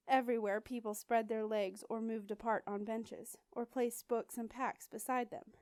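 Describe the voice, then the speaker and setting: Clear-voiced woman reading a novel aloud. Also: a little high, fairly even intonation, normal speed, hardly any pauses, darkish tone, no echo. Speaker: audiobook reader. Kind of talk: audiobook narration.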